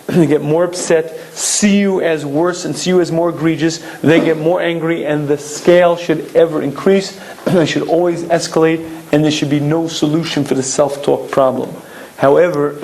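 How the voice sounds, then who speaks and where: Throat-clearing man giving a Torah lecture. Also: fairly high pitch, a little mellow, a little hiss or hum, poor audio. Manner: clears throat often, emphatic and explanatory.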